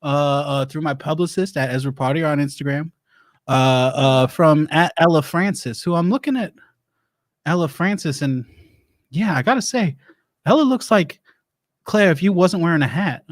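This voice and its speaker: Guy playing a rambling divorced survival lecturer, halting deadpan, bit high, dry close sound. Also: no echo, lightly acted. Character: rambling divorced doomsday-prep lecturer man. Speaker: host playing a doomsday prep lecturer. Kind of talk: improvised comedy character.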